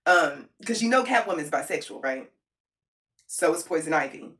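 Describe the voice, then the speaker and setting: A woman's voice: deep voice, lively intonation, normal speed, fairly bright tone. An adult woman giving a casual, emphatic review to camera, slangy and talking directly to her viewers, repeating points for effect. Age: adult with a child. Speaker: video creator reviewing a film.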